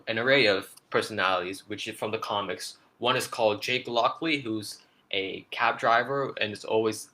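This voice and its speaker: A man's voice: lowish voice, sharp tone. A man co-hosting a casual trailer breakdown, rambling with lots of fillers and restarts. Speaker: podcast co-host.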